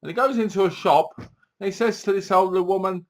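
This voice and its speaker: A man giving a casual, animated movie review, acting out lines from the film as he goes. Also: sits high, fast.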